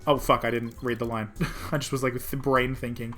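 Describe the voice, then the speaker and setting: A man's voice: medium pitch, little pitch movement, a little fast, a bit bright, faint music behind. A man streaming a courtroom game, chatting casually, swearing freely and laughing often.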